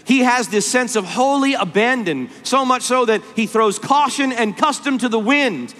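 A man preaching a sermon at a conference, impassioned, moving between hushed low passages and rising pleas. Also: normal speed. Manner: impassioned, swings from hushed to pleading. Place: large conference hall. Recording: long hall reverb.

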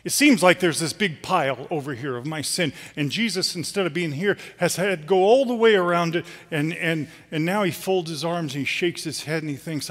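A man's voice: on the high side, fairly quick, few pauses, a bit bright, big-room sound. A man preaching as a guest speaker, telling a story earnestly with rhetorical questions. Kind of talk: sermon. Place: church sanctuary.

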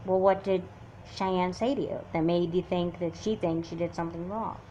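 A woman's voice: on the low side, fairly even intonation, moderate pace, warm tone, dull audio, slight background noise, lightly acted. A woman voicing a confident, self-assured teenage twin sister who takes charge in an amateur doll movie. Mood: determined. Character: confident, bossy teen twin sister with a plan.

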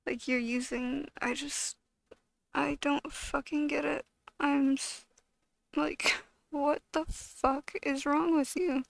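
A woman with a high, gravelly voice rants to camera, swearing heavily and tripping over her own restarts. The sound is dry and close, with no room around it. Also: little pitch movement, takes it slowly, no echo, poor audio. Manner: heated, swearing, repeats herself and restarts often. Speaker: video creator. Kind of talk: angry rant to camera.

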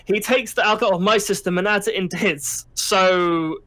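A man's voice: high voice, steady tone, normal speed, bright, forceful tone. Stammering man playing a bartender. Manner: stammering, repeats words. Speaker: bartender character. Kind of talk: casual Minecraft role-play.

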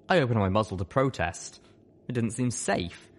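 A man narrating a first-person story as an audiobook reader, steady and measured. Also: medium pitch. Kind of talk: audiobook narration of fan fiction.

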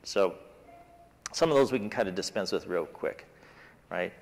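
A man's voice: low voice, expressive, moderate pace, creaky. A man leading a Sabbath School Bible class in casual, conversational talk with his group. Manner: conversational, talks things through with the class. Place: church classroom. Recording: reverberant church hall.

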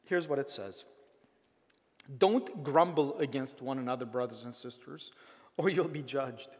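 Animated pastor preaching in a reverberant church. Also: male voice, mid-range voice, a little slow. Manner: conversational, animated, quotes people in playful voices. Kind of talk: sermon. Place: church sanctuary. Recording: long hall reverb.

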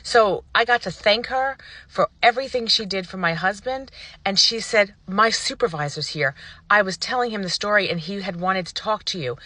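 A woman vlogger telling a personal story to the camera in a casual, animated and indignant way, acting out what people said. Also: medium pitch, normal speed, no echo. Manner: animated, indignant retelling with acted-out quotes.

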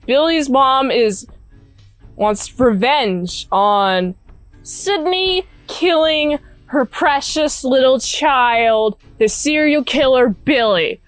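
A high-pitched woman talks through a film recap at an unhurried pace, rambling and sarcastic, slipping into mocking asides. Her voice is close and dry, with faint music underneath. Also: expressive, no room sound. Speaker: movie reviewer. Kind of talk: casual spoken movie recap.

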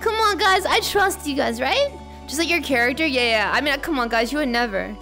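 A woman's voice: high voice, animated, fairly quick, bright, forceful tone, faint music behind. A woman hosting a live stream in casual chat, playful and bubbly, greeting her viewers with a slightly sore voice.

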